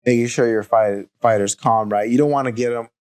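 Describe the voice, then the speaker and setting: Male co-host, casual fight analysis, calm candid delivery, mid register. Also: mid-range voice, smooth. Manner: measured, candid, hesitant with fillers. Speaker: podcast co-host. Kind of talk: casual fight recap chat.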